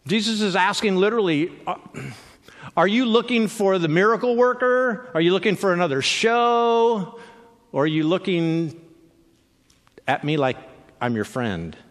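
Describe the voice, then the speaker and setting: A man's voice: high-pitched, animated, a little slow, pauses often, in a large hall. A man preaching a sermon as pastor, conversational and with joking asides.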